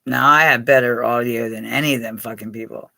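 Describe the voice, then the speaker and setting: A woman's voice: rumbling low, fairly even intonation, brisk, vocal fry, pushed and bright, dry recording. An older woman from Pennsylvania hosting a casual live chat with her viewers, rambling, swearing freely and laughing often. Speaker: live stream host.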